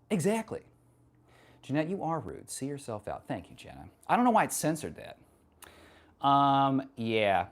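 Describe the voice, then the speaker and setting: Woman streamer, unusually deep and lively voice, profane and teasing, a bit breathy mid-exercise. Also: moderate pace. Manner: wry, profane, teasing chat. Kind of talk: casual livestream chat while working out.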